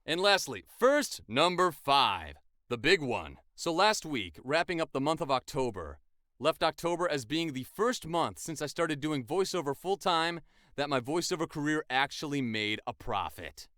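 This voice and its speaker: Young male voice actor, chatty vlog delivery, smooth and lively, close dry mic. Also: on the high side, normal speed, dry recording. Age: 20s. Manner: enthusiastic, chatty, with casual fillers. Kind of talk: casual vlog.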